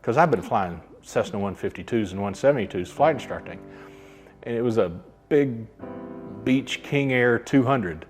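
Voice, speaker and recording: A man's voice: mid-range voice, lively intonation, normal speed, soft background music. A man, a pilot, telling stories from his career in a casual interview and acting out the quoted dialogue. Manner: anecdotal, acts out quoted dialogue.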